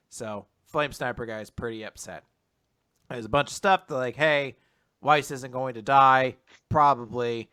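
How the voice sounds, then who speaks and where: A man co-hosting a casual manga recap podcast, animated, laughing often and acting out characters' lines. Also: mid-range voice, a little slow, clear, resonant tone, dry recording, clean studio sound. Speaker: podcast co-host.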